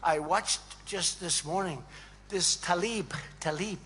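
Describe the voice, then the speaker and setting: A man's voice: high voice, slow, very noisy. A man giving a rambling, emphatic rally speech to a crowd, repeating phrases and acting out quoted dialogue. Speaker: speaker at a political event. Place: large event hall.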